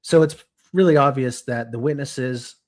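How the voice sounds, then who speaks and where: A young adult man co-hosting a podcast, telling a story from his notes in a lively, casual way with frequent restarts. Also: mid-range voice, normal speed. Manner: animated, restarts and self-corrections. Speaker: podcast co-host.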